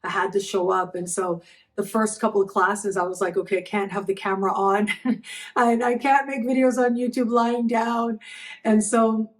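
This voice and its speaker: A woman's voice: medium pitch, steady tone. Middle-aged woman, astrology vlog host, emotional and grateful, stops and starts, recovering after bed rest. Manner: emotional, grateful, halting with repeated thanks. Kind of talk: heartfelt personal talk to camera.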